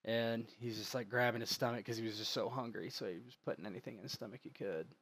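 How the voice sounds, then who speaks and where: A man's voice: mid-range voice, fast talker, fairly bright tone, breathy edge. A man narrating as game master, rambling and restarting while he describes the scene. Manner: rambling, with many fillers and restarts.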